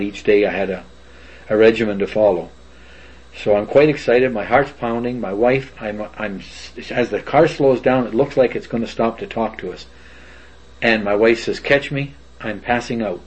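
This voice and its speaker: Older man recounting a sighting, husky. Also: on the low side, darkish tone. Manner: rambling, detailed storytelling with fillers. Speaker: eyewitness. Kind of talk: first-person testimony. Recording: dull lo-fi recording.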